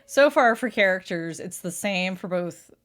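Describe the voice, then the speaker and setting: A woman's voice: fairly low pitch, lively intonation, normal speed, fairly bright tone. A young adult woman streaming a casual chat, laughing often and swearing casually. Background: faint music.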